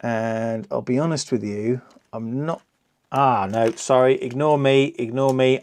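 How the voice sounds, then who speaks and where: A man's voice: mid-range voice, unhurried, a little mellow. A middle-aged man, giving rambling, self-deprecating commentary while building a LEGO set. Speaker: LEGO reviewer host.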